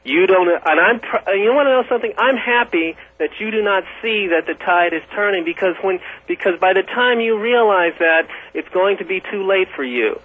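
A man on a call-in line argues hard, repeating his openings to hold the floor. His voice sits a bit high and comes through a tinny, narrow phone line. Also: moderate pace, hardly any pauses. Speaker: caller. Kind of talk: heated call-in debate. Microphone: telephone.

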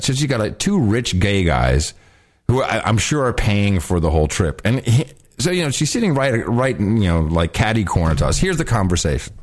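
A man's voice: fairly low pitch, very animated, fairly quick. A middle-aged man co-hosting a podcast, chatting casually, teasing and telling stories with frequent laughs. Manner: teasing, storytelling, laughs often. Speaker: podcast co-host. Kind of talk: casual chat.

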